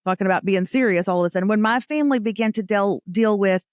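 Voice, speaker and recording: A woman's voice: medium pitch, fast, no echo, studio quality. A woman hosting a podcast, talking in a candid, chatty way. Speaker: podcast host. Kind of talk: casual chat.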